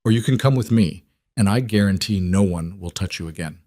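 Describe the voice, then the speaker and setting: A man voicing a mafia boss who speaks smoothly, calmly and with quiet command. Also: low voice, fairly quick, no room sound, clean studio sound. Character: calm, dangerous male mafia boss.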